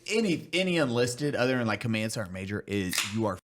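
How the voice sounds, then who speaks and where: Brash army-vet type, crude and jokey, with a lively pitch. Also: male voice, fast talker, noisy background. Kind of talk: casual chat.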